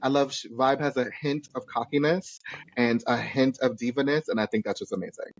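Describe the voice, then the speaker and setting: A man's voice: medium pitch, fairly even intonation, brisk, dull audio. A man co-hosting a podcast, chatting casually and gushing with emphasis. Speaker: podcast co-host. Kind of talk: casual chat.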